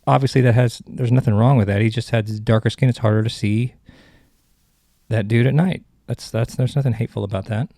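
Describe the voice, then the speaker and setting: A man's voice: mid-range voice, steady tone, a little fast, gravelly, warm tone, dry recording, studio quality. A man hosting a comedy podcast, rambling through jokes and cutting himself off mid-sentence. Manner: rambling, self-interrupting, joking. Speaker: podcast host.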